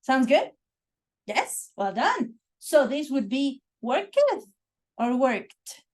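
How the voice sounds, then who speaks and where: A woman with a fairly high voice leads a classroom pronunciation lesson. She speaks slowly and with care, repeating sounds and praising her students warmly. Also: very animated. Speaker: English pronunciation teacher.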